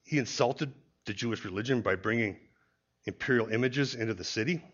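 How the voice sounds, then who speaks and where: A man's voice: mid-range voice, a little fast, a bit bright. Man teaching the Bible, muffled recording. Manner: explanatory, often opens points with "see". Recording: dull lo-fi recording.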